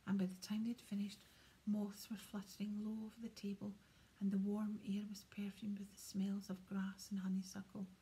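A woman reading a fantasy novel aloud in a steady, hushed whisper. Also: mid-range voice, normal speed, a little hiss or hum. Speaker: audiobook reader. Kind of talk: whispered audiobook narration.

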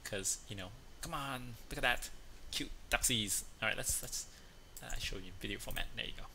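A man's voice: medium pitch, moderate pace, bright, forceful tone, slight background noise. A man hosting a casual chat show, talking in a playful, chatty way and acting out voices as he tells jokes. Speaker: host. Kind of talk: casual chat, telling a joke.

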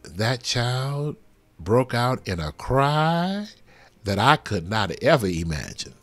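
A man leading a live prophetic prayer over a livestream, fervent and swinging from soft murmurs to loud exclamations. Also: mid-range voice, very animated, slow pace, faint music behind. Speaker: pastor. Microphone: livestream webcam.

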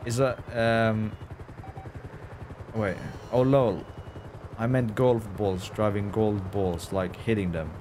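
A man's voice: fairly low pitch, steady tone, slow pace, long pauses. A young man chatting casually on a live game stream, reading chat, laughing and swearing as he reacts. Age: young adult. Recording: game gunfire and vehicle noise behind.

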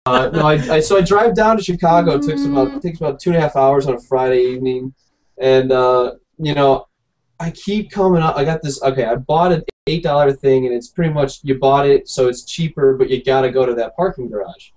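A man's voice: medium pitch, brisk, poor audio. A man telling a rambling story in casual podcast chat, acting out what people said. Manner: rambling, animated, acts out quotes. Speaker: podcast co-host.

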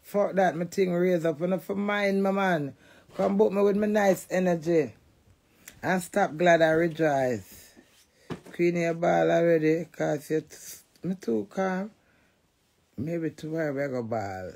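A woman's voice: lowish voice, unhurried, creaky. A woman with a Jamaican accent, ranting and cussing defiantly in a monologue to camera. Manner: loud, cussing, defiant rant. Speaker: vlogger.

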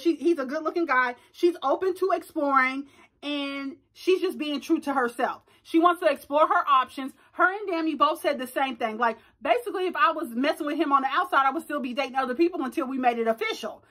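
A woman recapping a reality show in casual chat, animated and slangy, acting out bits of dialogue with loud exclamations and quick asides. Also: sits high. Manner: slangy, playful reenactments of dialogue. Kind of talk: casual reaction chat to camera.

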